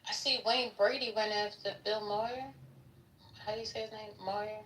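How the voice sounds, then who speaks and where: A woman hosting a live audio chat, relaxed and chatty, sending well-wishes to listeners. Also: medium pitch, moderate pace, reverberant, far from the mic, rough recording. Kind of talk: casual chat.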